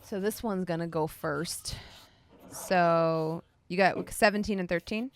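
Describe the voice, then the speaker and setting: Slow-talking woman game master. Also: fairly low pitch, slight background noise. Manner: relaxed, chatty rulings with frequent laughs. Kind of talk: running a tabletop role-playing game.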